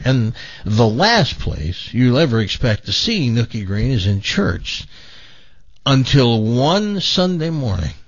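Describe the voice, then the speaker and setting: A man with a lowish voice tells a long joke at an unhurried, drawn-out pace, pausing as he builds the story. The sound is dry and a little dull, like a broadcast feed. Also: no room sound. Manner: slow, drawn-out storytelling with pauses. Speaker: radio show host. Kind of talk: joke telling on talk radio.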